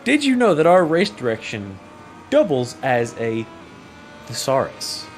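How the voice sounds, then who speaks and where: A man's voice: mid-range voice, huge pitch swings, measured pace, a little hiss or hum. A man co-commentating a sim race, trading dry, teasing banter.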